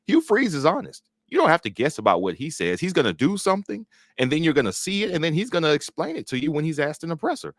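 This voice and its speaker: A man's voice: fairly high pitch, huge pitch swings, fast, few pauses, fairly bright tone, dry recording. A man co-hosting a casual sports chat show, making his points with earnest emphasis. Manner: emphatic, earnest opinion-giving. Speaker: co-host.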